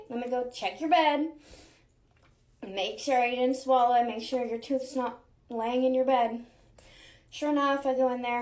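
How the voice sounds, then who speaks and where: A young woman, a mother, casually telling a family story and acting out the quoted lines in lively voices. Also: a little high. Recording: echoey room.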